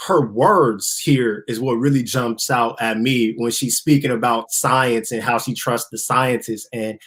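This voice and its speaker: A man's voice: medium pitch, fairly even intonation, a bit bright, husky. Blunt man giving slangy political commentary. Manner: blunt, laughing, slangy, slows to stress points. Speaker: co-host.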